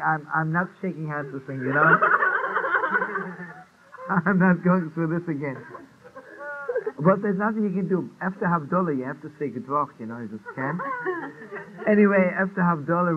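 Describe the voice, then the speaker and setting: A man telling a Hasidic story, acting out the dialogue and laughing often. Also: on the high side. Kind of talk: storytelling talk. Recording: tinny lo-fi archive recording with faint hiss.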